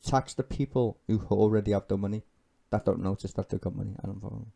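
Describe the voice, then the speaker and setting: Gravelly, sweary man. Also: fairly low pitch, steady tone, fast talker, mellow. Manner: sweary, ranting and sardonic. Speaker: live streamer. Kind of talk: profane live-stream political commentary.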